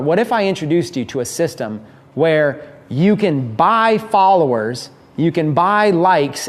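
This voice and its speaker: A man giving a live seminar talk, energetic and conversational, acting out what his listeners might think. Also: high-pitched. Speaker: business speaker teaching a mastermind.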